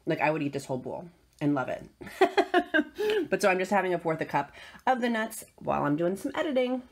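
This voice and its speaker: A woman's voice: fairly low pitch, lively intonation, a little fast, no echo. A woman in her thirties, a mother and vlogger, chatting casually and upbeat to camera and laughing easily. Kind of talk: casual vlog chat to camera. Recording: background noise from cars and outdoors.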